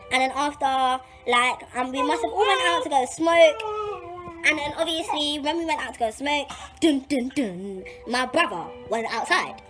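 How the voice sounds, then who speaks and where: A young woman telling a dramatic story vlog, animated and swearing freely. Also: high-pitched, normal speed, over music. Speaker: vlogger.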